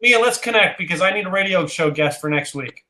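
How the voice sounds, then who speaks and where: Eager bright-voiced man on a call. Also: high-pitched, lively intonation, fairly quick. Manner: eager, stumbling over words. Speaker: radio show host, guest. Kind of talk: casual video-call chat.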